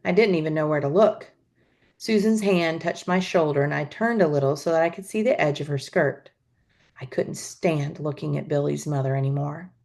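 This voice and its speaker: A woman teacher reading a novel aloud to students with expressive storytelling. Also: low voice, normal speed. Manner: expressive storytelling, adds asides.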